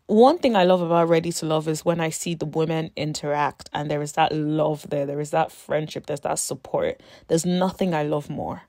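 A woman's voice: low voice, warm tone, no room sound, clean studio sound. A woman giving a casual, emphatic review of a reality show, talking straight to the cast with exasperated asides. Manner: exasperated asides, calls people honey and sis.

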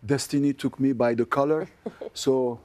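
A man's voice: medium pitch, steady tone, a little slow, a little mellow. An older man from France with a French accent, an actor answering TV interview questions in a hesitant way, with many fillers and restarts. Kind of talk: TV interview chat.

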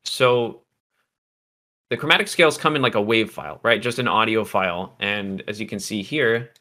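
A man walks viewers through music software in a relaxed livestream lesson, his voice bright and forward. He drifts into fillers and side remarks to the chat, and he sounds slightly hoarse from losing his voice. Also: on the low side, normal speed. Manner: loose and chatty, many fillers and asides to chat. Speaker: music production teacher. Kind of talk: casual livestream tutorial.

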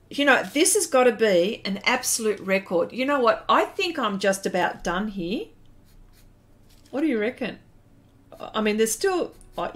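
A middle-aged woman with an Australian accent chats casually while she draws on a live stream. Her voice sits fairly high. She laughs easily and reads out messages from her viewers. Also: fairly bright tone. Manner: chatty, laughs often, reads chat aloud. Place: home studio shed.

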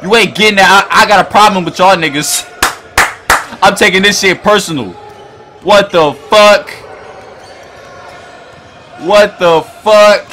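A man hosting a basketball reaction video, talking in a loud, hyped, profane way and often shouting at the screen. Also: high-pitched, measured pace, pauses often, a little hiss or hum. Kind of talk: excited basketball reaction commentary.

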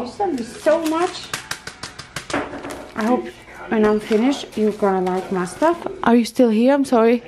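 A young woman casually chatting at home as she opens craft mail, gushing, gasping and thanking the sender over and over. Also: fairly high pitch. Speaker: craft vlogger opening mail. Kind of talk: casual unboxing chat.

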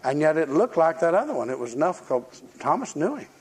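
A man's voice: on the high side, big pitch swings, brisk, breathy edge. An older man preaching a sermon in a folksy, storytelling way, acting out the voices of people in his stories.

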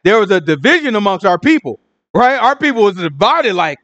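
A man's voice: high voice, big pitch swings, fairly quick, fairly bright tone, no echo, dull audio. A man teaching a casual Bible study to a room with children, talking in slang, acting out voices and asking questions.

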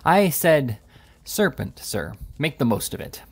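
A man's voice: mid-range voice, sing-song, a little slow, gravelly, breathy edge, full character voice. A man reading aloud and voicing a pompous, furious middle-aged male newspaper editor who barks clipped accusations. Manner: loud, seething, clipped accusations.

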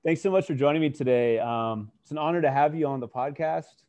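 A man's voice: fairly high pitch, fairly quick. Enthusiastic male podcast host. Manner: warm, enthusiastic, effusive praise. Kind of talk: casual interview chat.

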